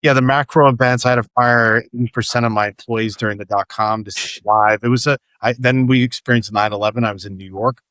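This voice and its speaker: A man's voice: medium pitch, fairly even intonation, quick pace, few pauses, fairly bright tone, no room sound. Rambling man in his fifties, dry sound. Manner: rambling storyteller, many restarts and repeated words. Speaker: startup founder guest. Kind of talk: casual podcast conversation.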